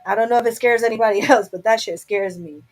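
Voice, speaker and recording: A woman's voice: fairly high pitch, fast, poor audio. A young adult woman hosting a casual live chat from home, talking candidly and rambling to her viewers through a webcam mic. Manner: candid, rambling, talks to herself. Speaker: live stream host.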